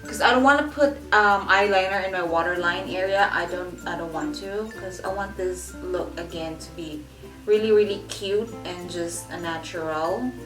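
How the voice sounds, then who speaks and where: A woman's voice: lowish voice, normal speed. A young adult woman walking viewers through a makeup tutorial in a chatty way, doubling up words for emphasis. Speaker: beauty vlogger. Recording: roomy echo with faint background music.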